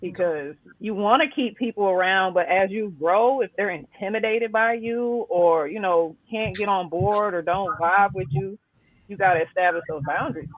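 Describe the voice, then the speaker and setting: A man's voice: sits high, moderate pace. A man chiming in eagerly on a casual podcast discussion, often repeating his words as he starts. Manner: eager, jumps in, repeats himself. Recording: dry, tinny phone-like line.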